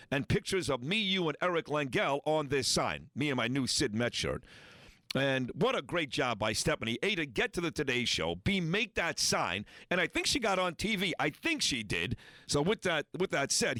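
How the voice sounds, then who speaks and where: A man's voice: fairly high pitch, sharp tone, no room sound. A man hosting a morning sports talk radio show, bantering with strong opinions.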